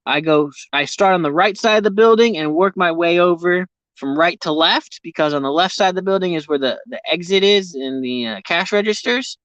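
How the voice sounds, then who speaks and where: A man's voice: high-pitched, fairly quick, hardly any pauses, a bit bright, no room sound, dull audio. Swearing man ranting in his vehicle. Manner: profane, heavy swearing, ranting. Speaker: vlogger. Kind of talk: casual rambling vlog. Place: inside a vehicle.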